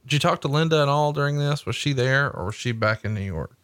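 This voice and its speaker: A podcast host reading a statement aloud and asking follow-up questions. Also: male voice, mid-range voice, animated, fast talker, fairly bright tone, no echo, studio quality.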